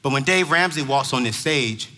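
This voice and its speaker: A man giving an emphatic, preachy stage talk to parents at a large conference, shouting at the high points. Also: expressive, normal speed, slight background noise. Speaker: motivational speaker. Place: large conference hall before a crowd.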